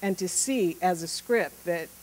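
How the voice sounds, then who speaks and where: A woman pediatrician giving a casual, animated conference talk built on personal stories, with frequent fillers. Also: on the low side, unhurried, rough recording. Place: conference room.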